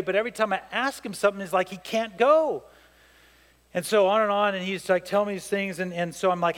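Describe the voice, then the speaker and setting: A man's voice: high voice, quick pace, fairly bright tone, long reverb tail. A man preaching a sermon as pastor, telling a story and acting out the voices of the people in it with emphasis.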